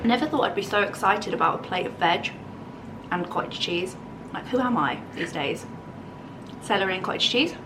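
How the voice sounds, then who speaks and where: A woman's voice: mid-range voice, animated, normal speed, far from the mic, noisy background. A woman with an English accent chatting casually in a home vlog, bubbly and thinking aloud as she tastes food, then tidies the garden. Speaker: lifestyle vlogger.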